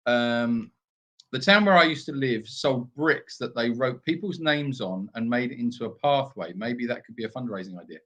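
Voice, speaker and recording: A man's voice: mid-range voice, lively intonation, moderate pace, a bit bright. British man chatting, rambling with fillers. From Britain. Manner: rambling, with many fillers and restarts. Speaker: sanctuary co-host. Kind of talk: casual live Q&A chat. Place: animal sanctuary.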